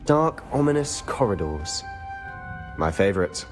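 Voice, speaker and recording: A wry young wizard. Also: male voice, lowish voice, sing-song, a little slow. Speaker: player character, a student wizard. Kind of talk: video game voice acting. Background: game music.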